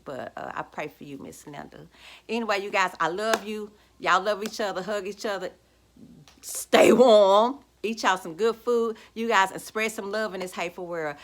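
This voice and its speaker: A woman talks straight into the camera at home, casual and gloating as she rants to her viewers. Her voice is bright and forceful, and she keeps a sassy, unfiltered manner throughout. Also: fairly low pitch. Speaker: vlogger. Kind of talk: casual ranting vlog. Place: at home, indoors.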